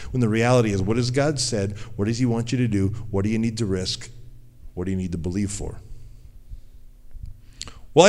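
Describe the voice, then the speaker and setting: In a sermon with a conversational feel, a male pastor voices what people say and lowers to a quiet, low tone when he wants to stress a point.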